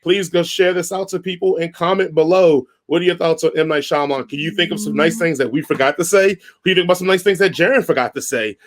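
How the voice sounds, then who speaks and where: A man's voice: on the high side, fast, few pauses. A man, hosting a casual podcast chat and running the segments. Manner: laid-back, runs the segments, tells anecdotes. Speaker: podcast host.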